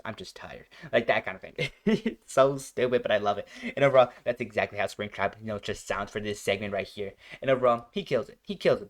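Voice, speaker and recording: A young man hosting a reaction video, chatting casually and rambling with lots of filler words. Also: lowish voice. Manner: rambling, full of "like" and "you know".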